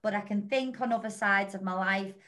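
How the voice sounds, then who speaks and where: An earnest woman co-hosting a podcast, thinking out loud and circling back through restarts. Her pitch sits in an ordinary middle range for a woman. She talks the way you would in a relaxed chat between friends. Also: fairly quick. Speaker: podcast co-host. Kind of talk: reflective casual chat.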